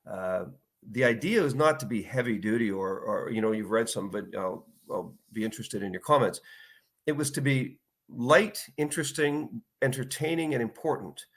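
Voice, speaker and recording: A man in his fifties, an author guest in a casual interview, telling stories and acting out quotes in lively bursts. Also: medium pitch, moderate pace. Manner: animated storyteller, acts out quotes.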